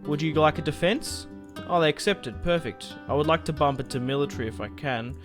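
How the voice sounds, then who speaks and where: A man's voice: a little high, brisk, over music. A young man, chatting casually through a strategy game, rambling, swearing lightly and laughing at himself. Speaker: gaming YouTuber. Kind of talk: casual gameplay commentary.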